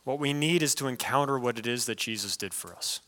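A male pastor preaching a sermon in a conversational, lively way, with frequent asides to the congregation. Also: mid-range voice, a little fast.

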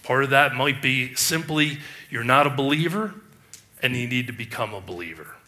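Male preacher with a bright, forceful voice; emphatic sermon delivery with restarts. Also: medium pitch, animated, normal speed. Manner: emphatic, rhetorical questions, frequent restarts. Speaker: pastor.

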